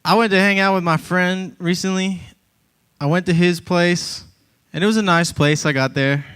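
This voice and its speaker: A man doing a stand-up comedy set, telling stories in an animated way and acting out voices, on a club stage with a handheld mic. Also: high-pitched, moderate pace, clear, resonant tone. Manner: animated storytelling, acts out voices.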